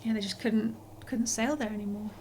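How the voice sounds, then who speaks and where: A woman's voice: mid-range voice, steady tone, brisk, darkish tone, slight background noise. A woman streamer chatting casually over a game, rambling and apologetic, a little out of breath and yawning. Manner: rambling and apologetic, many restarts and fillers. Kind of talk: casual let's-play commentary.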